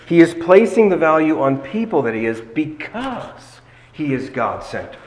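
A man preaching an expository sermon, deliberate and emphatic, slowing down to stress key phrases. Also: mid-range voice. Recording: long hall reverb.

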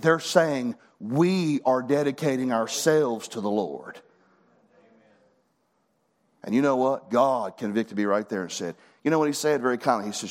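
Fervent preacher, man. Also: mid-range voice. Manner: folksy, fervent preaching with rising emphatic bursts. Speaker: pastor. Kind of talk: sermon.

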